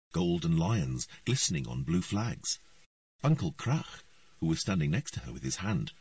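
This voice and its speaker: A man narrating an audiobook in an expressive storytelling style. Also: low voice, no echo, far from the mic. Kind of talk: scripted narration.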